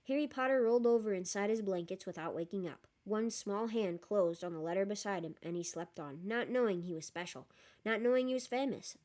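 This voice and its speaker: Woman reading a novel aloud. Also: mid-range voice. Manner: lively reading, chatty and joking in asides. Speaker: reader.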